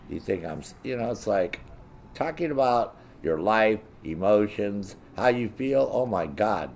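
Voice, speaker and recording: His voice sits on the low side, expressive and a little mellow, at an ordinary speed, with faint hiss or hum in the recording. He's a show host ranting bluntly and profanely, putting on a raised voice to mimic other people.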